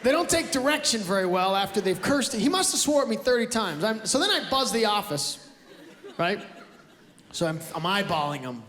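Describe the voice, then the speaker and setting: Brash high-voiced comedian on a live stage. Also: male voice, lively intonation, moderate pace, a little hiss or hum. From Canada. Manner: brash, loud storytelling with acted-out outbursts. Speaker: stand-up comedian. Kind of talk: stand-up comedy. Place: large theater stage before a live audience. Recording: roomy live theater recording with crowd laughter. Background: audience laughter.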